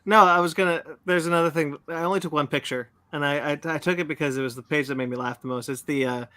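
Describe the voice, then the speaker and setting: A man co-hosting a podcast in casual chat, halting with stumbling restarts. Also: a little high, fairly even intonation, sharp tone, no room sound. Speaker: podcast co-host.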